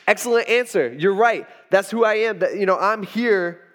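A calm spiritual teacher who speaks plainly and casually, as a man voices him. The voice sits high, with a long hall reverb behind it. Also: moderate pace.

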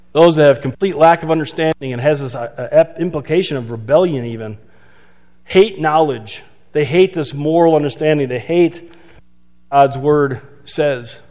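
A man preaching a sermon in a conversational way, asking rhetorical questions and slowing down for emphasis. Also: fairly high pitch, a little mellow. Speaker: pastor. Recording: long hall reverb.

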